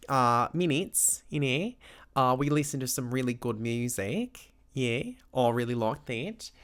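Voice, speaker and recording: A man's voice: medium pitch, a bit bright, close to an everyday voice. A man doing a put-on Australian accent, playing a drowsy guy joking about heading to bed. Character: sleepy man winding down for bed.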